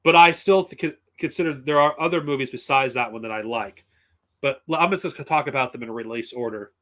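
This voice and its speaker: A man's voice: mid-range voice, a little fast, a bit bright. A man talking casually on a live stream, blunt and profane, rambling with frequent restarts. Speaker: streamer reviewing comics and films.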